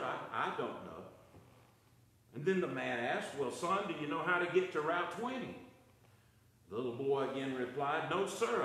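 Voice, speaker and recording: A man's voice: on the high side, sharp tone, very echoey, low-quality recording. A man preaching a Bible study sermon as pastor, his delivery rising and falling for emphasis. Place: church.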